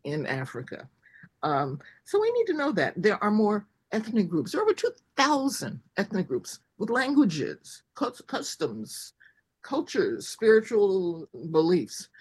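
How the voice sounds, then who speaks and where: A woman from the United States, speaking as an interview guest in an animated way, asking herself rhetorical questions and laughing between points. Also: lowish voice, husky. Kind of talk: conversational interview.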